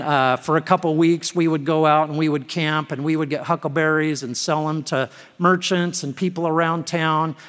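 A man's voice: a little high, fairly bright tone, clear, resonant tone. A man preaching a sermon, telling a personal story with humorous asides and building to emphatic declarations. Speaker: pastor. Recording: long hall reverb.

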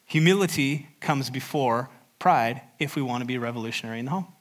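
A man preaches to his church in an earnest, mid-pitched voice. He leans on repetition to drive each point home. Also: a little fast. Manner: earnest, repeats phrases for emphasis. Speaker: pastor. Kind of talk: sermon. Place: church service.

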